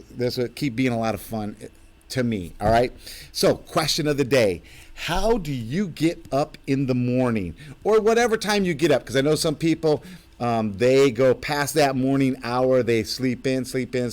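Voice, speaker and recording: A man hosts his own live stream in a loose, chatty way. He wanders through his stories, stopping and restarting often, at a middle pitch. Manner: rambling, full of fillers and restarts. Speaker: host of his own channel. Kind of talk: live-stream casual chat.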